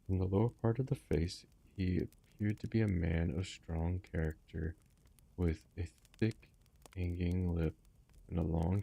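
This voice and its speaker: A man narrating a classic story in a measured, even manner. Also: deep voice, gravelly, breathy edge. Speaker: audiobook reader. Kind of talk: reading a classic story aloud.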